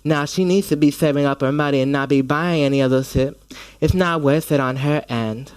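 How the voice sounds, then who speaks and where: A man's voice: fairly high pitch, brisk, smooth, no room sound, natural voice. A man voicing a brassy, gossiping drag-queen dame with a Southern American accent, sassy and scornful. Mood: catty.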